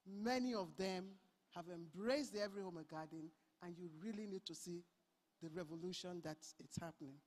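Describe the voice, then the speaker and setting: A conference moderator introducing the next speaker with lively, jokey remarks. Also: mid-range voice, fairly quick. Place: large conference hall. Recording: long hall reverb.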